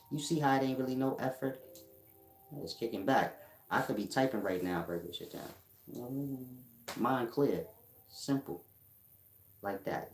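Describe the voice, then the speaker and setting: A deep-voiced man talks to his audience like a self-assured street preacher, slangy and lecturing, sometimes laughing at his own points. The room is echoey, with a faint hum of ambience behind him. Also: a little mellow. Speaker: spiritual teacher. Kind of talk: casual monologue to viewers.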